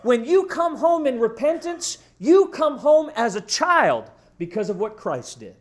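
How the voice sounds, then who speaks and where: A man's voice: very high-pitched, very animated, unhurried. A man preaching a sermon in an emphatic, storytelling way, addressing his congregation. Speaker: pastor.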